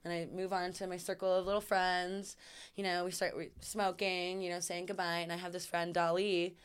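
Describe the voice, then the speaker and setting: A woman telling a story in casual chat, animated and laughing, acting out what people said. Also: fairly low pitch, moderate pace, clear, resonant tone. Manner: animated, laughing, acts out quotes. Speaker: guest storyteller.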